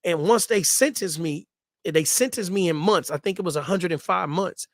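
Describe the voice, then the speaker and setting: A man's voice: high voice, moderate pace, dry recording, clean studio sound. A man in his thirties casually telling a story in loose street slang and repeating himself for emphasis.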